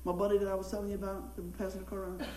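A man, a pastor telling folksy, animated stories in a sermon and acting out the people in them. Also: high voice, racing, slight background noise. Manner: folksy, animated storytelling with acted-out quotes and laughter. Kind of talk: storytelling sermon. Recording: echoey room.

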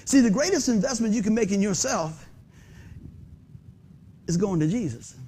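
A man preaches from a church stage. His voice sits high for a man and stays animated and folksy. He keeps asking the congregation questions as he talks. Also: normal speed, breathy edge. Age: 50s. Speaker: pastor. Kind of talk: sermon. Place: church sanctuary under stage lights.

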